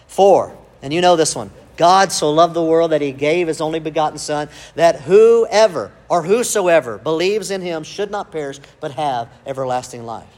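A pastor delivers an emphatic sermon. His voice sits a bit high for a man, and he presses his points with rhetorical questions and calls of amen.

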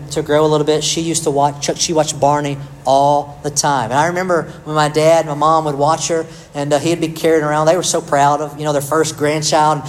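A man's voice: fairly high pitch, poor audio. A middle-aged man preaching a sermon in a chatty, self-deprecating way, talking directly to the congregation by name. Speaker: pastor.

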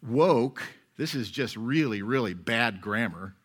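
A man's voice: medium pitch, animated, a little slow, husky. Conversational male pastor preaching. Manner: conversational, wry, shifts between loud and soft. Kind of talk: sermon.

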